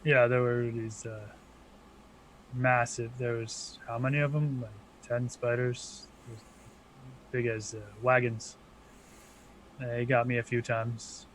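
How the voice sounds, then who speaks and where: A man's voice: medium pitch, little pitch movement, slow, long pauses, slight background noise, poor audio. A man playing a tabletop role-playing game, speaking hesitantly and stumbling over his words in character. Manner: hesitant, lots of uhs and restarts. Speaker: player. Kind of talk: casual tabletop role-play.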